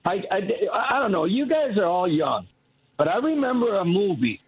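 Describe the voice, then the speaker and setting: Male caller on a phone line, husky, lively pitch, rambling. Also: normal speed. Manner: rambling, restarts often, acts out quoted people. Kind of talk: call-in radio talk.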